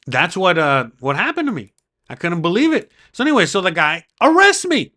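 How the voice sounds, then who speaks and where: A man vlogging, telling a story to camera in an excitable way, swearing freely and acting out what people said. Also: high-pitched, brisk. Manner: excitable, swearing, acts out the quoted dialogue.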